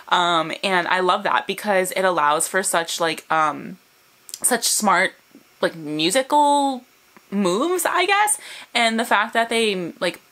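Gushing bright-voiced woman reacting. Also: lowish voice. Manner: gushing, emotional, excitable fangirling. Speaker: reaction video host. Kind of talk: music video reaction vlog. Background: faint music from the video.

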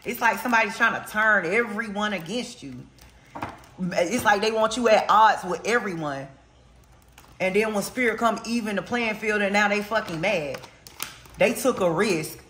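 A tarot reader gives a casual spiritual reading in a mid-range, bright, forceful voice at normal speed. She talks bluntly, full of slang and cursing, and repeats points for emphasis. The recording has a roomy echo and a little hiss or hum.

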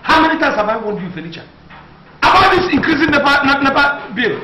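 A blustering Nigerian boss who scolds and laughs through his rants. His voice is very high and bright, and it swings all over. It rings in an echoey room. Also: sing-song, fast talker, full character voice. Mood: scolding. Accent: Nigerian English. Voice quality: loud, scolding, laughs while ranting. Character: blustering bossy man, office manager. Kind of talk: comedy film acting.

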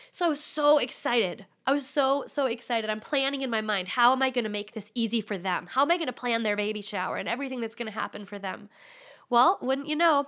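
A woman's voice: a little high, fairly quick, fairly bright tone. A woman in her thirties, a podcast guest candidly telling a personal story.

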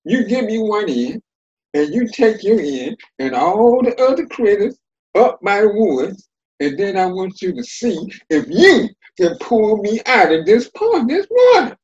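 A man voicing a small, slow male terrapin who is humble and sly, speaking in a high, wailing voice. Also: very animated, darkish tone, dull audio. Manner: plaintive, wailing.

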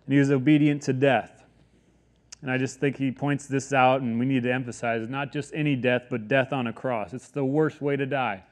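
A man's voice: medium pitch, steady tone, moderate pace. A young adult man preaching a sermon as pastor, in a casual, conversational way with many asides.

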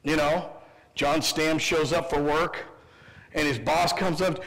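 A man with a Midwestern American accent, preaching a sermon as pastor, animated and humorous with quick asides. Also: a little high. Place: church sanctuary. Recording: church sanctuary with long reverb.

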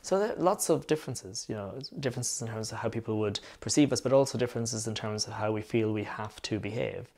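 A man's voice: lowish voice, fast talker, few pauses, a little mellow. A middle-aged man from Ireland with an Irish accent, hosting a conversational interview and steering it with curious questions. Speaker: host.

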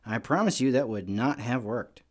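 A man doing a calm, kind dad. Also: medium pitch, normal speed, lightly acted. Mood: gentle. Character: calm, kind father, patient and big.

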